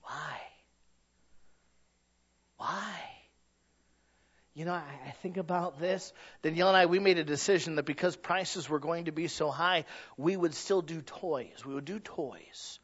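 A man's voice: fairly high pitch, unhurried, lo-fi sound. A man preaching a sermon in a conversational way, asking rhetorical questions and building to emphatic peaks. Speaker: pastor.

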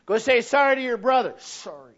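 High-voiced preacher shouting his sermon. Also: brisk, dull audio. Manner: swings from quiet asides to loud shouted preaching; acts out little scenes with voices. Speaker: pastor. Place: church.

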